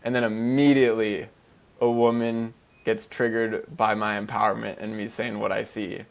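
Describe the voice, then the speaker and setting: A man co-hosting a podcast in an easygoing, rambling chat. His voice sits low with a gravelly fry. He swears casually and leans heavily on "like" between his thoughts. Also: little pitch movement, normal speed. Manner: loose, profane, heavy "like" fillers. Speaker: podcast co-host.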